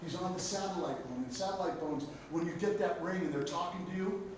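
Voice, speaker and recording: High-pitched, animated middle-aged man, far and echoey. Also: fairly quick. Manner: animated storytelling, swinging from loud bursts to hushed lines. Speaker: football coach and guest speaker. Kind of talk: motivational pregame speech. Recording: echoey, distant mic, noisy.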